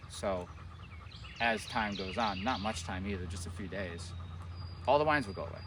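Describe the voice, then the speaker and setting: A man working as a dog trainer, explaining his methods in a relaxed way outdoors and often checking in with "right?". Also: fairly low pitch, normal speed. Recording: distant mic outdoors, faint background noise.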